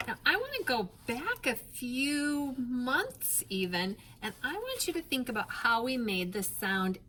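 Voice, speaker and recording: A woman teaching a phonics lesson to young children, patient and clear, stretching out sounds and spelling letters one by one. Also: fairly high pitch, very animated, a little slow, few pauses, sharp tone, slight background noise.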